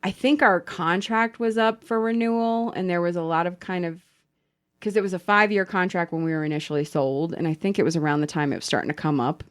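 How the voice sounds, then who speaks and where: A woman's voice: fairly low pitch, fairly quick, clear, resonant tone. A woman hosting a podcast, telling stories in casual chat with plenty of swearing. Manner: animated, profane storytelling. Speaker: podcast host.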